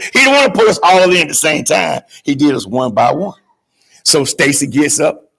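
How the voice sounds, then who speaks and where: Gravelly man telling a lively story. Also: a little high, moderate pace. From Georgia, USA. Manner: call-and-response with the audience, dramatic swings from hushed to shouting. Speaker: graduation guest speaker. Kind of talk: animated storytelling speech.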